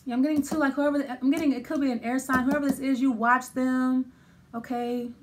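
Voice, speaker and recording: High-voiced woman doing a tarot reading. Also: level tone, brisk, a little mellow, slight background noise. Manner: thinking aloud, many restarts and fillers. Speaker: tarot reader.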